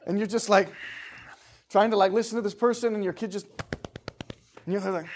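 A man's voice: high voice, brisk, long pauses. A middle-aged man preaching a casual sermon, talking conversationally and emphatically and acting out the voices he quotes.

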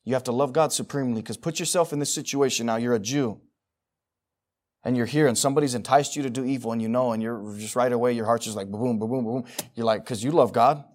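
A man preaching a sermon, moving between quiet, intimate asides and loud, emphatic passages as he reads scripture. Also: medium pitch, quick pace.

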